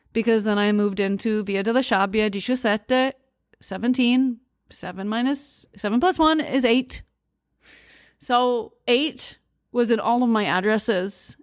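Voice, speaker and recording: In studio-quality audio with a clean tone and no echo, a young adult woman hosts a podcast. Her voice is medium-pitched, and she tells a personal story candidly and confessionally, laughing between words.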